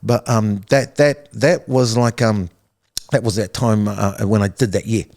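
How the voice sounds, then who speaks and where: A middle-aged man with a New Zealand accent tells his story to a podcast host in a low voice. His speech is loose and conversational. He restarts phrases, repeats words, and leans on "bro" and "man" as he goes. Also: fairly even intonation, unhurried, vocal fry, a little mellow. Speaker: podcast guest. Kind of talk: casual storytelling interview.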